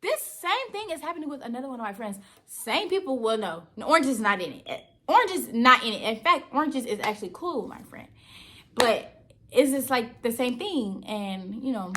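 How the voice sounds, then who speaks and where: Teen girl spilling tea on her vlog, bright kinda high voice, chatty and slangy. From Georgia, USA. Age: teens. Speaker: vlogger. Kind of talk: casual storytime vlog.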